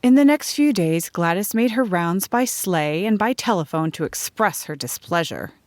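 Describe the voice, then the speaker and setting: A woman narrating a children's storybook in a calm, measured reading. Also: medium pitch, no echo, clean studio sound. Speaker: audiobook narrator.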